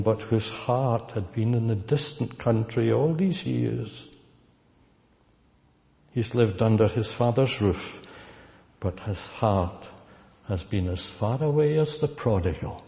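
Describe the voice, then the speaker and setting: A man preaching a sermon, slow and deliberate, repeating key words for weight. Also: lowish voice, gravelly. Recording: dull recording with long hall reverb.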